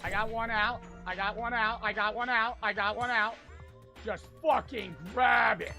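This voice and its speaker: A man giving frantic gameplay commentary, swearing, talking to himself and breaking into sudden loud outbursts. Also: sits high, steady tone, moderate pace, vocal fry, faint music behind. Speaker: gaming streamer.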